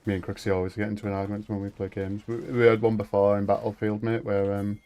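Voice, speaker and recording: A man's voice: on the low side, level tone, fast talker, muffled recording. A man chatting bluntly while gaming, swearing and calling his friend mate. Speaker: gamer. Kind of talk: casual chat while gaming.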